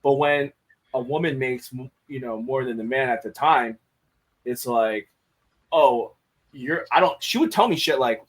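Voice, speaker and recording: A man's voice: medium pitch, measured pace. A man in casual podcast chat, speaking candidly with frequent swearing and restarts. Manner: candid, profane, many restarts.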